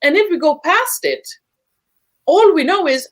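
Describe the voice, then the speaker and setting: A woman's voice: high voice, expressive, measured pace. A woman guest on a podcast, explaining relationship patterns in an emphatic, teacherly way, often building lists for emphasis.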